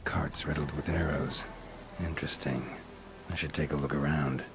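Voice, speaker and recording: A man voicing a grizzled, terse male monster hunter in a video game, with a deep gravelly voice and clipped delivery. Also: fairly even intonation, normal speed, noisy background. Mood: dry. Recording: game audio with music behind.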